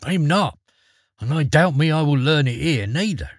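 A man's voice: a little high, animated, moderate pace, breathy edge, no room sound, studio quality, voice pushed up. A man voicing a bold, fearless young lad in a storybook, in a raised, cheeky voice. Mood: plucky. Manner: plucky, matter-of-fact, cheeky.

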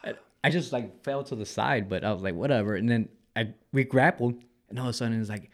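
A man's voice: mid-range voice, a little fast. A man telling fight stories in casual chat, swearing freely and acting out what people said. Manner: animated storyteller, swears freely, acts out quotes.

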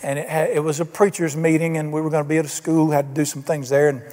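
Older pastor, emphatic folksy sermon delivery, slightly high voice, church reverb. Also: male voice, flat delivery, fast talker, a little mellow. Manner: folksy, emphatic, asks the congregation questions. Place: church sanctuary.

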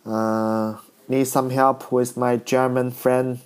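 A comedian man riffing in a slow, meandering monologue, with many restarts and chuckles. His English has loose, non-native grammar, and he stays at a middling pitch. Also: flat delivery, clear, resonant tone. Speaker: comedian riffing on internet content. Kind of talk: casual comic monologue.

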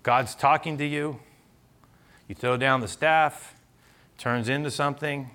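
Brief: male pastor, casual conversational sermon, medium pitch, chatty asides. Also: fairly even intonation, measured pace, pushed and bright, clear, resonant tone. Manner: conversational preaching, asides and rhetorical questions.

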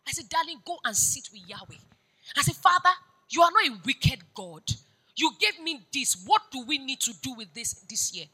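Woman preaching a sermon, high bright voice, drops soft then shouts. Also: sing-song, normal speed, low-quality recording. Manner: swings from hushed storytelling to loud urgent exhortation. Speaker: pastor.

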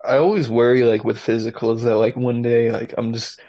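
A young man in casual chat, joking crudely in a flat delivery. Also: medium pitch, a little fast, dry recording. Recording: dull, dry lo-fi mic.

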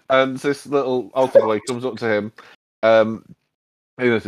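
A man's voice: medium pitch, fairly even intonation, normal speed, long pauses, clear, resonant tone, dry recording. A man narrating a tabletop game as game master, casual and rambling. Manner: casual, rambling with fillers and voiced figures.

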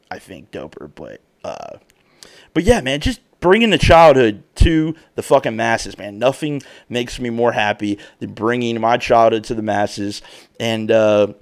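A man in his thirties hosting a podcast solo, rambling in casual chat with slang and constant swearing. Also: on the low side. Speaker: podcast host.

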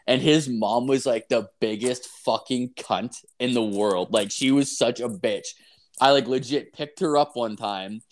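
A man's voice: medium pitch, unhurried. Young man, casual co-host, profane rambling storyteller. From Canada. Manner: profane, rambling, heavy filler words; animated, acts out voices in anecdotes.

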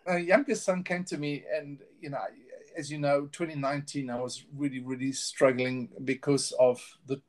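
A middle-aged man speaks openly about his own story as an interview guest, sincere in tone and often beginning his sentences over. He talks at a normal speed in a steady, mid-range voice.

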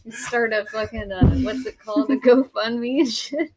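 A woman's voice: a little high, steady tone, normal speed, loud music behind the voice. A woman who is a mother, guesting on a friends' podcast, laughing and swearing casually. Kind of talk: casual chat among friends. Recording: background noise.

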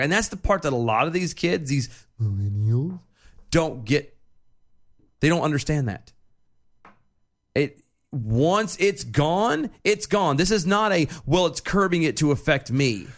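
A man's voice: fairly high pitch, sing-song, measured pace. A man co-hosting a casual podcast, earnest and emphatic, often repeating words as he builds his point. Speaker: podcast co-host. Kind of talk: casual chat.

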